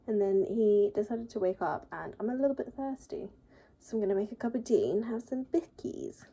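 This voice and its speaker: A woman's voice: mid-range voice, animated, brisk, mellow, breathy edge. A young woman chatting casually in a rambling vlog, with lots of "like" and "um". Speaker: vlogger.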